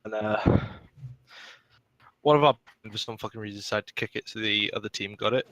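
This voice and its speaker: A man's voice: fairly low pitch, fairly quick, a bit bright, no room sound, low-quality recording. A man co-hosting a casual group podcast over voice chat, rambling and swearing freely as he tells a story. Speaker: podcast co-host.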